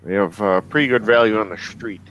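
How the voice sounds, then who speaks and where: A man's voice: lowish voice, fairly quick, fairly bright tone, a little hiss or hum, poor audio. A man running a tabletop game as game master, hesitant, with many fillers.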